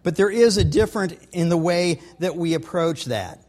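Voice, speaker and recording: A man's voice: sits high, expressive, normal speed, darkish tone. Earnest man preaching a sermon. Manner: earnest, conversational preaching with repeated words and personal stories. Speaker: pastor.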